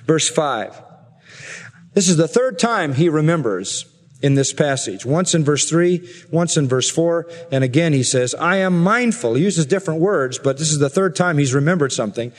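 A man preaching an expository sermon earnestly, slowing down and rising in pitch to stress his points. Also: lively intonation. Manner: earnest preaching, slows and rises for emphasis. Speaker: pastor. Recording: long reverb of a large hall.

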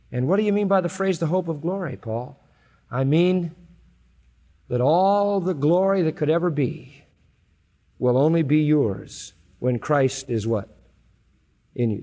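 A male preacher delivering a sermon, reading scripture slowly and building to loud, high-pitched emphasis before dropping back low. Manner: emphatic, rising sharply in pitch and volume at climaxes, then dropping low and slow; reads scripture aloud with drawn-out, deliberate phrasing. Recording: long hall reverb.

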